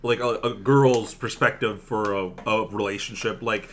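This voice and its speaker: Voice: moderate pace, slight background noise. A co-host on a casual book club podcast, playful and joking. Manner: playful, lively swings in pitch.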